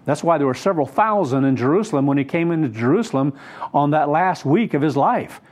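A man preaching a sermon, retelling a scripture story in an unhurried, emphatic way with frequent fillers. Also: on the high side, animated, darkish tone.

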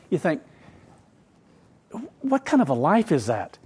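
A man's voice: fairly high pitch, wildly swooping pitch, slow pace, long pauses, a little mellow, slightly rough. A middle-aged man preaching a sermon in a conversational way, asking rhetorical questions and adding asides. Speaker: pastor.

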